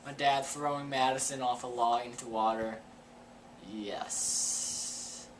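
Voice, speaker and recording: A man's voice: medium pitch, steady tone, a little fast, slight background noise, rough recording. A young man vlogging a childhood story to camera, rambling and full of "like" and "um.". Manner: rambling, filler-heavy with frequent "like".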